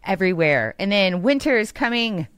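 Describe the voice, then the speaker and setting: Lively woman spinning a story. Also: mid-range voice, normal speed, clear, resonant tone, no echo. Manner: animated storyteller, acts out other people's lines. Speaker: radio co-host. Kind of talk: casual on-air banter and storytelling.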